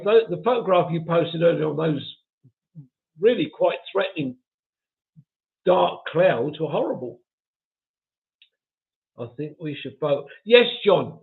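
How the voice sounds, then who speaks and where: A man's voice: fairly high pitch, animated, unhurried, vocal fry. A man hosting a live stream, reading viewer comments aloud in a chatty, self-mocking way and chuckling often. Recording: tinny phone-like audio.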